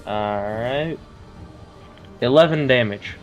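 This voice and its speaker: A man's voice: mid-range voice, takes it slowly, dull audio, soft background music. A man playing a tabletop game, chatting casually and thinking aloud with hesitant restarts. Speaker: player.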